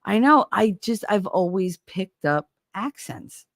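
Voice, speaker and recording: A woman's voice: medium pitch, expressive, slow pace, dry recording, studio quality. A woman hosting a casual livestream, chatting and joking while reading viewer comments, her voice nasal from a stuffy nose. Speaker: host.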